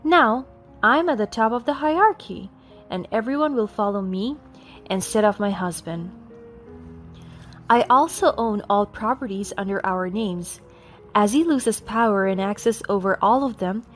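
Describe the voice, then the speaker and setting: A woman reading a scripted first-person story in a cool, steady, matter-of-fact way. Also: medium pitch. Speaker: narrator.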